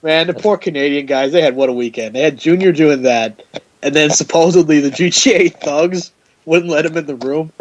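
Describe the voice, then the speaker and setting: A man's voice: a little high, normal speed, low-quality recording. A man hosting a podcast, telling stories in casual chat, acting out quotes and laughing often. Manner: animated storyteller, acts out quotes, laughs often. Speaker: podcast host.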